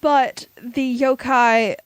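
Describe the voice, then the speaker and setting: A woman's voice: on the high side, fairly even intonation, drawn-out words, clean tone, no room sound. A woman with a Southern American accent, co-hosting a podcast in casual, rambling chat and laughing often. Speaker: podcast co-host.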